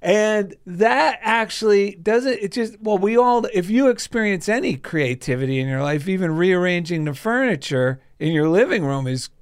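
A man's voice: high voice, animated, normal speed, few pauses, smooth, no echo, clean studio sound. A man co-hosting a podcast in casual chat, with reflective, spiritual musings. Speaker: podcast co-host.

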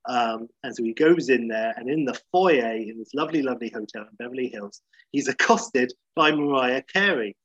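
A man's voice: medium pitch, normal speed, fairly bright tone, slightly rough, no echo, highs cut off. A man casually retelling a comedy episode, chatty and full of fillers. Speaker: comedy recapper.

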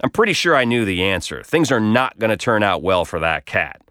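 A man's voice: fairly low pitch, sing-song, brisk, fairly bright tone, clean tone, dry recording. A man reading his own comic story aloud with wry, dry humor. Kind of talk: scripted narration.

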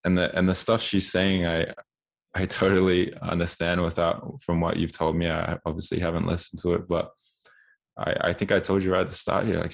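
Deep, gravelly man in his twenties; candid storyteller who stumbles and repeats words in relaxed chat. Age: 20s. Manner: candid, repeats words while telling stories. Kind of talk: casual conversational storytelling.

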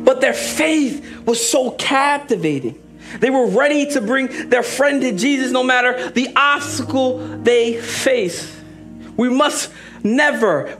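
A young man preaching a sermon as an assistant pastor, lively and joking, speeding up for asides and slowing down for emphasis. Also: very high voice. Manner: lively, joking, shifts between fast asides and slow emphatic lines.

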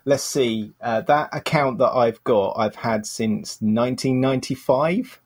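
A man's voice: mid-range voice, unhurried, slightly rough. A man from England with a British accent, chatting casually as a podcast co-host, rambling with restarts. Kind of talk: casual chat.

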